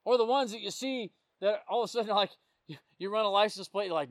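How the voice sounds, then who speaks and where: A man's voice: high voice, quick pace, no room sound. A man who works as a police officer, giving an informal sermon and telling stories from the job. He talks conversationally and keeps checking in with his listeners. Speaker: police officer sharing testimony.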